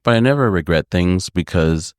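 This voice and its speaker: Podcast co-host, male, low-pitched, lively and profane storyteller, dry room. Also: moderate pace, dry recording. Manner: animated, swears freely, acts out voices in his stories. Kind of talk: casual storytelling chat.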